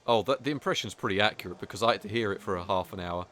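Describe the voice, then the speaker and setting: Low-voiced joking gamer man. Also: very fast, a bit bright, slight background noise. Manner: joking, mocking, swears casually, many fillers. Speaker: speedrunner streaming a game. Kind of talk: casual gameplay commentary.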